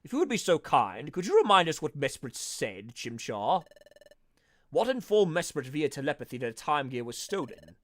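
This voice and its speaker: A man voicing Dusknoir, a calm, wise ghostly male mentor who reasons aloud in a measured way. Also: a little high. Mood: calm, reasoning. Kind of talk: voicing game dialogue.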